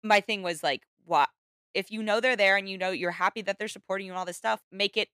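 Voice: medium pitch, quick pace, bright, forceful tone, clean tone, no echo, clean studio sound. A podcast panelist in a casual film discussion who talks hesitantly, with restarts and hedges.

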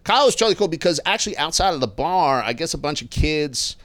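A man's voice: on the high side, fast talker, no room sound. A man with a Philadelphia accent telling a story on a podcast, acting out the voices of the people in it. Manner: animated, acts out voices in his stories, laughs a lot. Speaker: podcast co-host. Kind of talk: casual storytelling chat.

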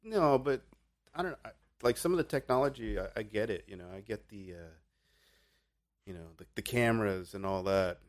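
A man with a fairly low voice chatting casually on a podcast. He talks haltingly and swears often. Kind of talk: casual chat.

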